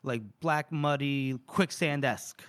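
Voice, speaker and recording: A man co-hosting a podcast, recapping a book chapter in a casual, chatty way. He laughs often and jumps into quick raised voices for the characters. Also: on the high side, fairly even intonation, fairly bright tone, smooth. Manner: laughs often while retelling scenes. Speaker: podcast co-host.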